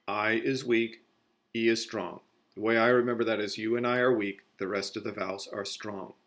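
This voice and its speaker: A male Spanish teacher with a lowish, fairly bright voice and fairly even intonation talks at normal speed. His recorded grammar lesson proceeds step by step, with self-corrections in the middle of sentences.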